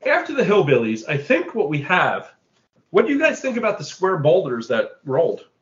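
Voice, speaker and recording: A man's voice: on the high side, wildly swooping pitch, roomy sound, muffled recording. A man co-hosting a casual movie-review chat, joking wryly and swearing now and then. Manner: wry, swearing, quick jokes. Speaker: podcast co-host.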